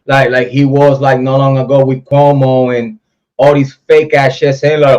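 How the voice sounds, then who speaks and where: Hosting a casual livestream, a man reads viewer comments aloud and rants about other content creators, talking straight to chat. His voice is medium-pitched and darkish, with a flat delivery at a moderate pace. The stream audio is dull and lo-fi.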